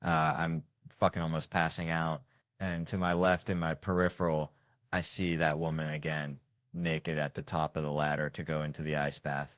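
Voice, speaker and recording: A man with a Southern US accent telling a profane comic story, acting out the characters with sudden jumps in pitch and loudness. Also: flat delivery, normal speed, no echo, clean studio sound. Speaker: comedian storyteller. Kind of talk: casual storytelling.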